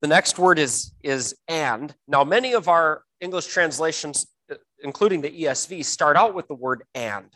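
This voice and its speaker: A man teaching a Bible verse word by word, often pausing with fillers and repeating words, slowing down to stress key phrases. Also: on the high side, expressive, bright, forceful tone, low-quality recording.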